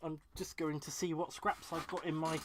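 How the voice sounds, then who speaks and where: A man with a voice a touch higher than most men's, talking casually as he crafts live at home. He gushes over his supplies and chats back to viewers' comments in a friendly, rambling way. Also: flat delivery, moderate pace, background noise. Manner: chatty, gushing, answers viewer comments aloud. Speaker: crafting livestream host. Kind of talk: casual live-stream chat while crafting.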